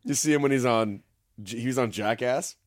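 A man's voice: mid-range voice, a little fast, no room sound, studio quality. A man co-hosting a podcast in casual chat, rambling and laughing often. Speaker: podcast co-host.

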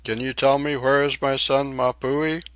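A man's voice: mid-range voice, flat delivery, normal speed, fairly bright tone, pitched above the performer's own voice, lightly acted. A man voicing an old woman returned from the sea, speaking in a mournful, pleading way in a storybook reading. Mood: plaintive. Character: frightened old woman ghost, dripping, plaintive.

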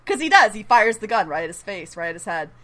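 A woman hosting a podcast, recapping a TV episode in casual chat, excitable and quick to laugh and swear. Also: medium pitch. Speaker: podcast host.

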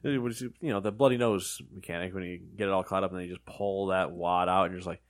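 A man's voice: low voice, steady tone, quick pace. A man hosting a casual snack-tasting chat, laid-back and joking. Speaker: host.

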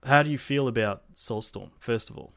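A man's voice: medium pitch, moderate pace, creaky, a bit bright, no room sound, studio quality. A man, co-hosting a casual chat about video games, rambling with fillers and restarts and swearing now and then. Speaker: podcast co-host.

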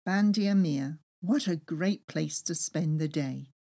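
A woman reading her own travel memoir aloud with lively, expressive storytelling. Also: sits low, takes it slowly. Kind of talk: first-person memoir reading.

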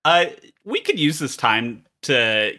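A man with a bright, forceful voice explains a game's setting in relaxed podcast chat. He laughs easily and fills pauses with ums and uhs. He sounds clear and close to the mic. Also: mid-range voice. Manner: laughs often, explains at length with fillers. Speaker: game master and podcast co-host. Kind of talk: casual podcast chat and game narration.

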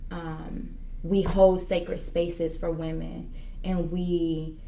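A woman who works as a doula is interviewed as a guest and tells her personal story earnestly and reflectively, with many fillers. Her voice is low, warm and creaky, her delivery flat and extremely slow. The recording is roomy and distant, with a little hiss or hum.

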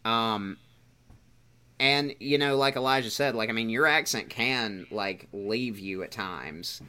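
Bright-voiced, opinionated man. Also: medium pitch, takes it slowly, smooth. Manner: opinionated, argumentative. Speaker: podcast co-host. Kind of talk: casual chat.

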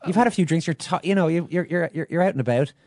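An Irish podcast host talks in rapid, animated bursts and teases his guests. The sound is close and dry. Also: a little high, dry recording. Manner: quick, animated, teasing. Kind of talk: casual chat.

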